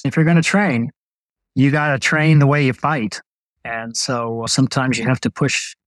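An older man, a retired Navy doctor, telling stories as a guest in an interview, relaxed and anecdotal. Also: mid-range voice, no echo, poor audio. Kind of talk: storytelling in an interview.

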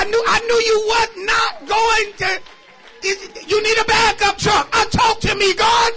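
High, bright-voiced preacher, shouting at times. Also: male voice, measured pace, some chatter behind. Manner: builds from calm teaching to shouted preaching. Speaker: pastor. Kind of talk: sermon. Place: church sanctuary.

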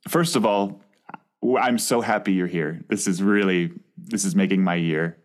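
A man playing an earnest, low-voiced son. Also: moderate pace, close to an everyday voice. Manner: earnest, explaining. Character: earnest adult son introducing his girlfriend. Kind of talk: improv comedy scene.

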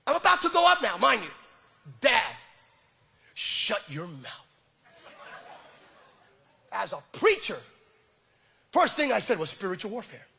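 A middle-aged male pastor tells self-deprecating stories in an animated sermon, often restarting his sentences. His voice sits very high and bright, with a gravelly, husky texture. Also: fairly quick. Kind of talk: sermon with personal storytelling.

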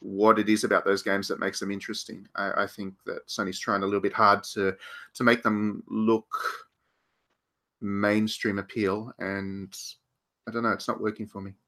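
A man's voice: fairly low pitch, level tone, normal speed, bright, forceful tone. A man co-hosting a casual podcast panel discussion, talking in a thoughtful, rambling way with frequent restarts.

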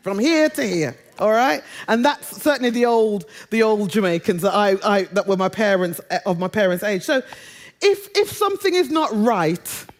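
Lively woman preacher with humor. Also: mid-range voice. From Britain. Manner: humorous, conversational, drawn-out quoted phrases. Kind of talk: sermon.

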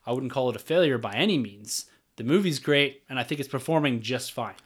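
A man's voice: medium pitch, a little fast, breathy edge. Man co-hosting a casual movie podcast. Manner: conversational, reads listener messages aloud. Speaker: podcast co-host. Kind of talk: casual chat.

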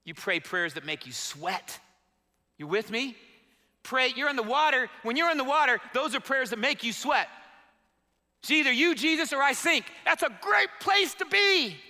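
Fervent high-voiced male preacher. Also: lively intonation, moderate pace, sharp tone. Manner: fervent call-and-response preaching. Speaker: pastor. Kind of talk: sermon. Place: church sanctuary. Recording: long hall reverb.

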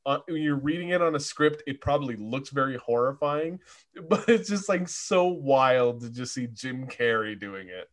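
A man's voice: medium pitch, animated, normal speed. A man co-hosting a podcast, chatting about movies in a rambling way with many restarts. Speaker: podcast co-host. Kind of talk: casual movie chat.

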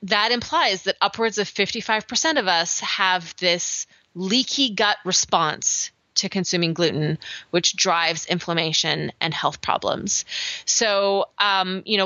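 A woman's voice: lowish voice, bright, forceful tone, dry recording. Dull-sounding woman podcast host. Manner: explains science with fillers and restarts. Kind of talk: casual podcast chat.

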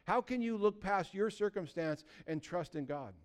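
Male pastor, smooth tone, slightly high, animated storyteller. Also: moderate pace. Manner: animated storytelling, acting out voices, swinging from loud to quiet. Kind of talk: sermon.

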